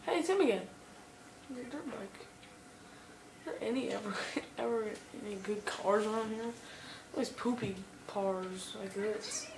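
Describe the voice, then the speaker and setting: A young woman giving casual gameplay commentary, excitable and quick to swear and yell at the game. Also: medium pitch, noisy background. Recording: echoey room, far from the mic, music behind.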